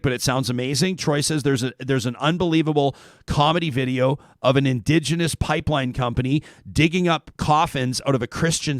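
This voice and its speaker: A man's voice: mid-range voice, no echo, studio quality. A man from Canada hosting a casual talk show, reading listener comments aloud with a joking, chatty manner.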